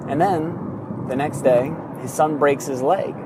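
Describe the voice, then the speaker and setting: A man's voice: mid-range voice, moderate pace, noisy background. Man telling a story on his morning commute. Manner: animated retelling, acts out quoted voices, laughs at himself. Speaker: podcast host. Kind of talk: casual storytelling monologue. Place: in a vehicle during a commute.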